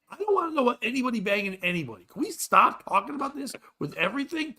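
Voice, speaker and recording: A man hosting a comedy podcast, ranting in a loud, exasperated and profane way. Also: high-pitched, expressive, rapid-fire, few pauses. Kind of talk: crude comedic rant.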